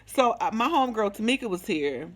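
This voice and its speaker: A woman's voice: a little high, a little fast. A woman vlogging about something that happened to her, talking in loose, slangy everyday speech. She tells it animatedly and slips into the other people's lines as she recounts the conversation. It is casual, straight-to-camera storytelling. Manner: animated, slangy, acts out the quoted dialogue. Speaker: vlogger sharing a personal testimony.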